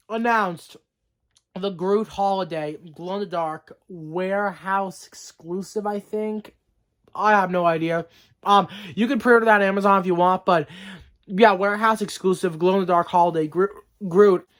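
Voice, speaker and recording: A vlogger chatting casually through the hiccups, rambling with lots of fillers and restarts. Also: medium pitch. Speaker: collectibles news vlogger. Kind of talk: casual vlog chat.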